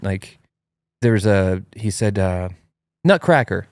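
A low-pitched man in his thirties tells a story in a relaxed, chatty way, and his voice jumps up high whenever he quotes a child. The sound is dry and close, with no room around it. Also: slow pace, smooth, no room sound. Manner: animated, acts out his child's cries in a high voice. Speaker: host. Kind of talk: casual storytelling chat.

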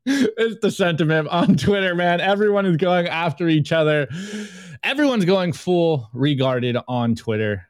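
A man's voice: high voice, animated, measured pace, smooth, no room sound. A man co-hosting a podcast, chatting casually and jokingly as he reads memes aloud, laughing often. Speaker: podcast co-host reviewing memes. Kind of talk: casual chat.

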